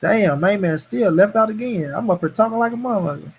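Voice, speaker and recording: A man's voice: high-pitched, animated, a little fast, vocal fry, slight background noise. A man hosting a casual boxing live stream, ranting heatedly and cursing a lot. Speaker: host of a boxing talk stream.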